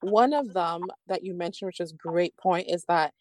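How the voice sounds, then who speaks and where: A woman host with a lowish voice, recorded dry and close. She speaks in an affirming, measured manner, building up to reflective questions for her guest. Her delivery is steady and considered. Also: dry recording. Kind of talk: interview podcast.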